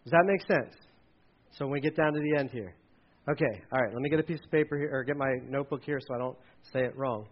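A man's voice: medium pitch, muffled recording. A man preaching from a church stage with a mic, talking casually and often repeating words. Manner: conversational, repeats words, quick asides. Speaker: pastor. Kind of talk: sermon with children's object lesson. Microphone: handheld or headset mic.

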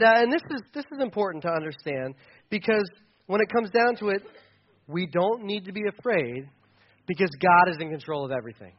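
A man's voice: high-pitched, lo-fi sound. A man preaching a conversational sermon as a pastor, casual and chatty, often restarting his sentences with fillers.

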